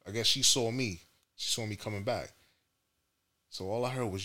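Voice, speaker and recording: A man's voice: lowish voice, brisk, pauses often. A man on a casual podcast, telling a story and acting out the voices in it. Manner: animated storyteller acting out quotes in raised voices. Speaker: podcast co-host.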